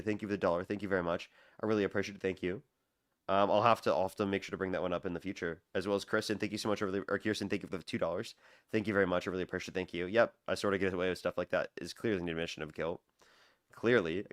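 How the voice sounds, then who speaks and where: A young man hosts a live debate stream at a rapid clip. His voice sits a little low and sounds dry and close. He rattles off repetitive thank-yous to donors. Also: dry recording. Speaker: livestream debate host. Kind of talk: casual livestream talk.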